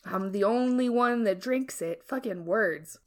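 A woman's voice: medium pitch, unhurried, darkish tone. A woman hosting her podcast alone while drunk, rambling, laughing and trailing off between thoughts. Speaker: podcast host. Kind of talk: casual solo review chat. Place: home, seated.

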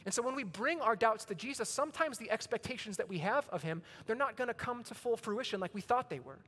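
A man's voice: very high voice, expressive, fast talker, sharp tone. A man in his thirties preaching a sermon, telling a casual story between emphatic points. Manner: conversational storytelling preacher, rising to emphatic peaks. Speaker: pastor. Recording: long reverb of a large hall.

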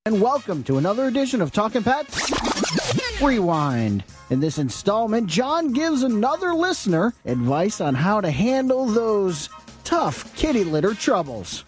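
A man's voice: high voice, huge pitch swings, a little slow, faint music behind. A man hosting a radio segment, introducing it in a breezy, jokey announcer manner. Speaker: show segment host.

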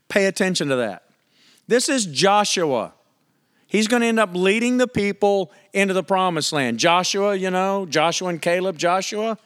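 Casting: male pastor with a slightly high voice, chatty sermon delivery, rhetorical questions. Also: animated, moderate pace, fairly bright tone, smooth. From United States. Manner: conversational, candid preaching with rhetorical questions.

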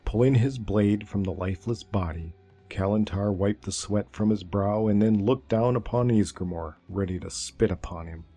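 A man narrating a dark fantasy story in a slow, measured way. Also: fairly low pitch, faint music behind.

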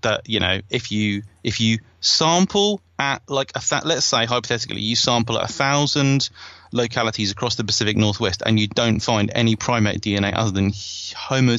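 Bright-voiced man rambling chattily. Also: fairly low pitch, moderate pace, no room sound, dull audio. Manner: chatty, digressive, self-mocking with frequent laughs. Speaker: podcast host and author. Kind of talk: casual chat.

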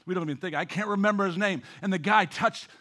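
A man preaching a sermon as pastor, swinging between loud emphasis and hushed, near-whispered passages, often repeating words as he restarts a phrase. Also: high voice, fast talker.

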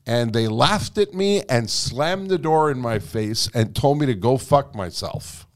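A man spins a long personal anecdote in a relaxed, conversational way. His pitch swings widely as he slips into the voices of the people in the story, and he swears freely and laughs along the way. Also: unhurried. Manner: animated, acts out dialogue with swearing and laughter. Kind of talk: casual anecdote telling.

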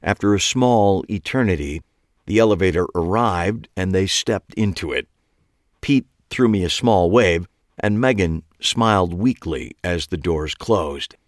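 A man narrating a first-person audiobook in a wry, expressive way. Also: sits low, unhurried, no echo, clean studio sound.

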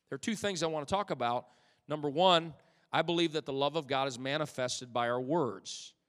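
Preaching man in a reverberant church. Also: a little high. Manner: animated preaching that builds to loud, fervent peaks; humorous asides to the congregation. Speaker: pastor. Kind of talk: sermon. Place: church sanctuary. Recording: long reverb of a church hall.

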